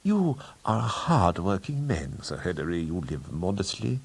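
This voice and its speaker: A man reading an audiobook, voicing a smooth, scheming middle-aged count who tempts with bribes. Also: deep voice, very animated, normal speed, full character voice. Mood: silky bribing. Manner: smooth, persuasive, wheedling. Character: silky sinister middle-aged male count.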